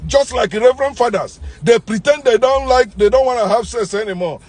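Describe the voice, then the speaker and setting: A man with a Nigerian English accent hosting his channel in a ranting monologue, swinging between loud outbursts and low muttering. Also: lively intonation, a little fast. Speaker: channel host.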